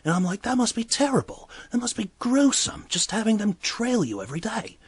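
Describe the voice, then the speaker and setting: A man voicing a chatty male bartender, telling a bar story in a breathy voice. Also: high voice, sing-song, fairly quick, no echo, exaggerated voice. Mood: gossipy storytelling. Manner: exclaims loudly, then drops to hushed asides. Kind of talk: comedic character monologue.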